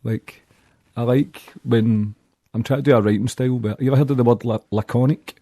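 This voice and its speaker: A man's voice: mid-range voice, steady tone, brisk, mellow, no echo, clean studio sound. A man with a Glaswegian accent, talking bluntly and plainly as a musician in a casual interview. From Scotland. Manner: blunt, plainspoken, uses local slang. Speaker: musician guest.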